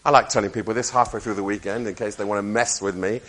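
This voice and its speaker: A man's voice: fairly low pitch, steady tone, fast talker, a bit bright. A man in his sixties, a preacher, giving a personal testimony with wry, self-mocking humor.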